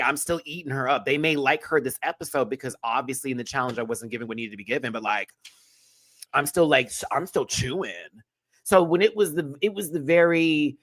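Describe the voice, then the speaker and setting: A man hosting a live-stream TV review, talking in an animated, emphatic and slangy way with plenty of swearing, jumping between loud bursts and low mutters. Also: a little fast, dry recording. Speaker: show host reviewing a TV episode.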